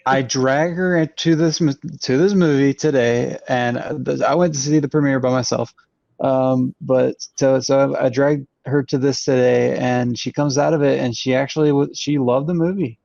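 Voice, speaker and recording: Male co-host, gravelly mid voice, measured and hesitant, dry dull recording. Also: mid-range voice, steady tone, a little mellow, no echo. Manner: measured, many ums and uhs. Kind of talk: casual review chat.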